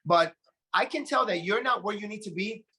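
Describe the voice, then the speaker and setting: A man with a notably high, bright voice gives a preachy motivational talk over a video call. He urges his listeners on in earnest, pressing each point. It is the talk of a sales team leader rallying his group. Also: moderate pace. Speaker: network marketing team leader.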